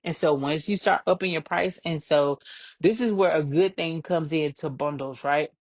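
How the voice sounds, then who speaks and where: Energetic woman coaching small businesses. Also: low voice, normal speed, no echo. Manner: lively, emphatic, repeats points for stress. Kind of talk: casual live-stream business tips.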